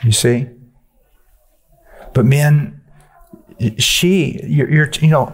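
A man's voice: mid-range voice, fairly even intonation, unhurried. A man preaching a sermon, blunt and personal in the way he talks.

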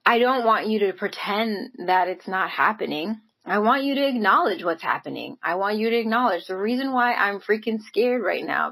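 A woman's voice: mid-range voice, a bit bright, rough recording. Earnest woman giving a motivational talk. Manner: earnest and encouraging, with frequent "like" and "right?"; laughs lightly between phrases. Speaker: motivational speaker. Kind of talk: motivational monologue to camera.

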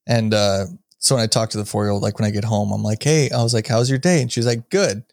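A man's voice: fairly low pitch, flat delivery, fast talker, vocal fry, no echo. A man on a podcast, chatting about his day at home in an easygoing way. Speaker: podcast co-host. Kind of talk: casual chat.

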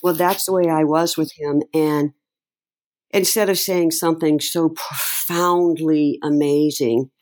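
A middle-aged woman, an interview guest, recounts a personal story in conversation, speaking emotionally and haltingly with many restarts. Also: sits low, fairly even intonation, a little mellow.

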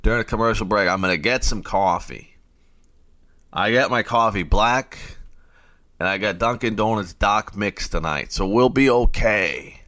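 A man's voice: lowish voice, moderate pace, sharp tone. A man hosting a late-night fantasy football radio show, ranting and getting fired up.

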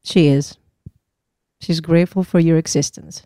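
A woman's voice: sits low, fairly even intonation, normal speed, mellow, no room sound, clean studio sound. A woman hosting a casual interview, gushing over her guests as an enthusiastic fan. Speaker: podcast host.

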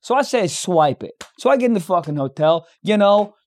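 Man, young adult, high-pitched voice, casual podcast storytelling, animated, profane. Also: brisk. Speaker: podcast co-host.

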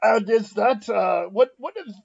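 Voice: mid-range voice, unhurried, vocal fry, darkish tone, slightly rough, dull audio. A tabletop player speaking in character, stiff and formal, with hesitant fillers. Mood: probing. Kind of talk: in-character tabletop role-play.

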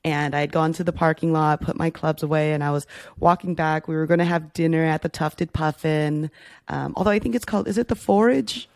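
A man telling a story in casual podcast chat, animated and acting out the people he quotes. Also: on the high side, brisk, vocal fry, dry recording, studio quality. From Florida.

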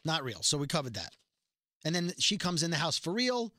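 A man's voice: on the high side, sing-song, fairly quick, sharp tone, no echo. A man co-hosting a casual chat, recapping a story at length and acting out the characters' lines as he goes. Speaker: podcast co-host recapping a TV episode.

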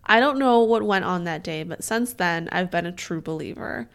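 A woman's voice: on the low side, normal speed, clear, resonant tone. Playful woman co-hosting a podcast. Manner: playful, giggly, reads letters aloud with asides. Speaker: podcast co-host. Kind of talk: casual podcast chat and reading listener mail.

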